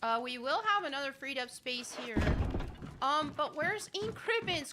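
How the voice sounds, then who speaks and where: High-voiced woman streamer, noisy mic. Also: lively intonation, moderate pace. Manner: chatty, exasperated, talks to chat. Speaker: game streamer. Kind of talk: casual let's-play commentary.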